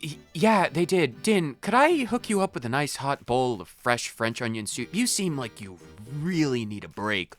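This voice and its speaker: A man's voice: medium pitch, very animated, normal speed, few pauses, fairly bright tone, faint music behind. A man voicing a flustered, kind female innkeeper who stammers and talks soothingly. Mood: hesitant, soothing.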